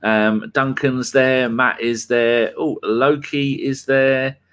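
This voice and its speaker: A man's voice: mid-range voice, little pitch movement, takes it slowly, fairly bright tone, clean tone. A man hosting a podcast in casual chat, full of rambling banter. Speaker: podcast host.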